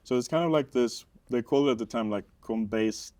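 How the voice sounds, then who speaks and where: A young South African man, a documentary maker, explaining history in a relaxed chat, hedging with many fillers. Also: medium pitch, brisk, no echo. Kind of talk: casual podcast chat.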